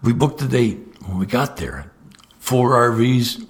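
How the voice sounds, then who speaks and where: An older man, an evangelist guest, telling stories in a podcast interview, often repeating the first word of a sentence and jumping up in pitch when he acts out what others said. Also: measured pace. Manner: lively storyteller, swings into high voices for quotes.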